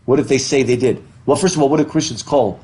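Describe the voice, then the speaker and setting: A man's voice: mid-range voice, quick pace, mellow. A man teaching a literature class in a casual lecture style, chatty, asking his students questions and restarting his sentences with repeated words. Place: classroom, recorded live. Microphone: through a face mask.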